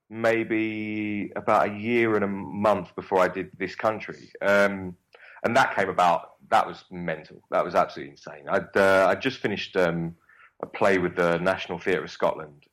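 Young cockney bloke, real low voice, rambling and swearing a lot, casual interview chat. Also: male voice, poor audio. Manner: swears freely, rambling and animated. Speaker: actor guest.

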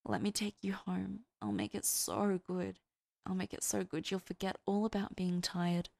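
A woman's voice: fairly low pitch, normal speed, creaky, a little mellow. A woman reading as a pleading, eager young man. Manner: pleading, intimate.

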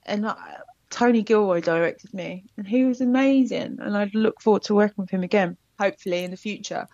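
A woman actor chatting as an interview guest, telling animated stories with laughter. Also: medium pitch, brisk, no echo, muffled recording. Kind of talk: casual interview chat.

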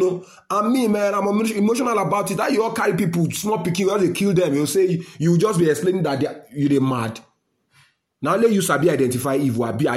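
A man with a Nigerian accent giving an impassioned monologue, mixing Pidgin and English, firing rhetorical questions and swinging between loud outbursts and low mutters.

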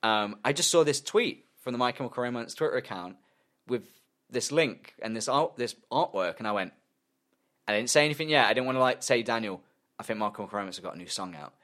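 Man, young adult, podcast co-host, casual rambling chat, sweary, middle pitch. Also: lively intonation, fairly quick, fairly bright tone. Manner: rambling storyteller, swears freely.

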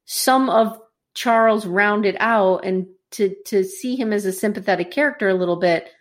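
A woman casually chatting as a podcast co-host, telling the story in an animated way and acting out quotes. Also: mid-range voice, normal speed. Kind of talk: casual chat recapping a TV series.

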